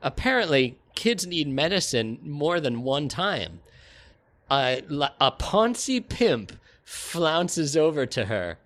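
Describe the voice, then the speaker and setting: A man's voice: fairly high pitch, very animated, slow, fairly bright tone. A man narrating an improvised comedy story, rambling and giggling, with lots of filler words. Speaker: podcast co-host narrating.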